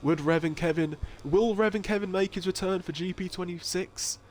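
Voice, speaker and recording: A man's voice: high voice, normal speed, slight background noise. A man hosting a live stream of an online racing league, talking casually, swearing and laughing often as he reads the chat aloud. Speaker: league stream host and commentator.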